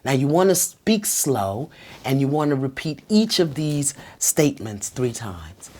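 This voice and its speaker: Middle-aged female advice host, very deep voice, emphatic and preachy, dips to a hush. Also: sing-song, a little slow. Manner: emphatic and preachy, drops to a soft whisper when speaking the phrases. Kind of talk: talking straight to the viewer with tips.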